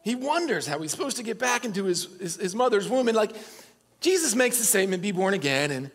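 A man with a high, husky voice preaches a casual, storytelling sermon. He talks to his listeners in an easygoing way. The sound carries a long hall reverb. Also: fast talker. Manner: casual, animated storytelling with asides to the congregation. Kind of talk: conversational sermon.

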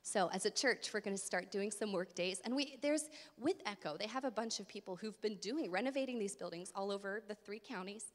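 A woman's voice: mid-range voice, brisk, few pauses. Woman, breathless, friendly, informal, church presentation, lots of ums, long hall reverb. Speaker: ministry director. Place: church sanctuary.

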